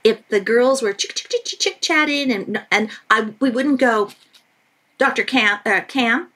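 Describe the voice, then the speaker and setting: A woman author who is a guest on a parenting podcast, telling lively stories and repeating points for emphasis. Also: fairly high pitch, measured pace. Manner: animated storytelling with emphatic repetition. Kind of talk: podcast interview.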